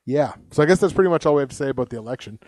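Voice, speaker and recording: A man's voice: mid-range voice, expressive, very fast, darkish tone, no echo. A man hosting a casual podcast, rambling, swearing constantly and laughing at his own jokes. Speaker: podcast host. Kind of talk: casual profane podcast chat.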